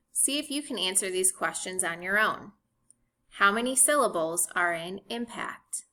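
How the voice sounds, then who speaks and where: Slow, bright-voiced woman teaching phonics. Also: medium pitch. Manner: slow, clear, spells words letter by letter. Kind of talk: recorded slideshow phonics lesson.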